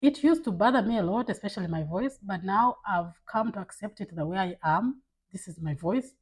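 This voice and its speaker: A woman talks straight to her camera in a casual vlog, candid and emphatic as she shares advice. Her voice has a husky, breathy grain, and her pitch sits in the middle range. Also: animated, brisk, poor audio. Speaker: vlogger. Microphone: camera mic.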